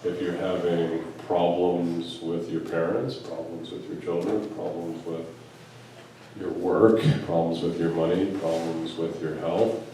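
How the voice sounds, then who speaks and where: Man, low voice, spiritual teacher, storytelling, echoey distant recording, faint room noise. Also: flat delivery, measured pace, mellow. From United States. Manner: storytelling with quoted dialogue and rhetorical questions. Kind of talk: spiritual talk to a live audience. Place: large echoey event room.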